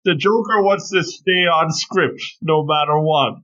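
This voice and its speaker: A man co-hosting a comics podcast, chiming in with quick jokey remarks in casual chat. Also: on the high side, sharp tone, lo-fi sound. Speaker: podcast co-host.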